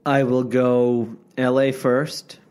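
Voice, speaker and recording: A man's voice: mid-range voice, flat delivery, takes it slowly, darkish tone, clear, resonant tone. Sardonic man co-hosting a podcast. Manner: teasing, sardonic banter. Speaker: podcast co-host. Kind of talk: casual sports podcast chat. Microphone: remote call.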